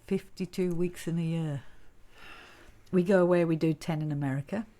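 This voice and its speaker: Woman, chatty podcast co-host, lowish voice, laughs a lot. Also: fairly even intonation, moderate pace, mellow. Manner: chatty, laughs often, talks over her co-host. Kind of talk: casual chat.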